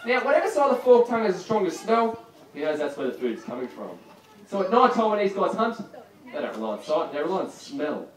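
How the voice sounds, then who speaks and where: A man's voice: high voice, sing-song, fast talker. Joking reptile showman. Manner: joking, teasing, chatty. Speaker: reptile show presenter. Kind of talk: live show patter with audience. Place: large room with audience. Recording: echoey, distant, crowd noise.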